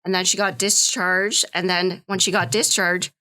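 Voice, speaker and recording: A woman's voice: fairly low pitch, level tone, moderate pace, sharp tone. Chatty woman telling a family story. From Vietnam. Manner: rambling storytelling with many fillers and restarts. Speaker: podcast guest. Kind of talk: casual interview chat.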